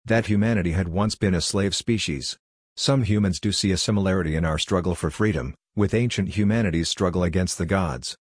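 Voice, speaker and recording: A man voicing a calm, coldly logical android envoy who speaks in a level, matter-of-fact way. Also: low-pitched, brisk, no echo, studio quality.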